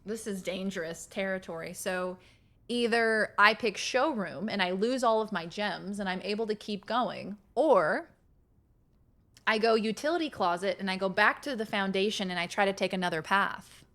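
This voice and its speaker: At a normal speed and medium pitch, this young woman's fairly bright voice carries a laid-back gaming stream. She talks with viewers, reasons aloud, laughs frequently and curses from time to time.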